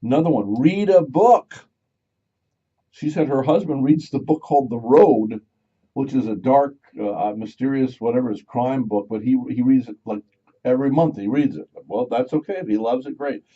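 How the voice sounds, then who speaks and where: A man's voice: medium pitch, brisk, warm tone, husky. A male radio talk show host chatting casually, rambling and going off on tangents as he repeats himself. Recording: dull lo-fi radio studio sound.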